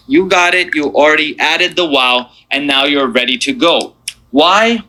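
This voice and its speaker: Bright-voiced man teaching letter sounds. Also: on the high side, lively intonation, rough recording. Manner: encouraging, drills sounds slowly letter by letter. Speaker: Quran reading teacher. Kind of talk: beginner reading lesson.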